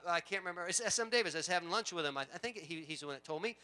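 Bright-voiced middle-aged man preaching. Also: expressive, very fast, few pauses. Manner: swings from low asides to loud emphatic preaching; conversational, with frequent asides and repetitions. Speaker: pastor. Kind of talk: preaching a sermon. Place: church sanctuary.

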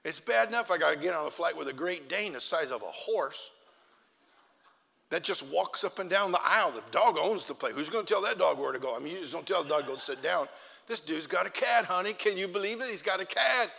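A middle-aged male pastor preaching a sermon, telling humorous stories with animated outbursts to a church congregation. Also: high voice, brisk, gravelly, long reverb tail. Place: church sanctuary.

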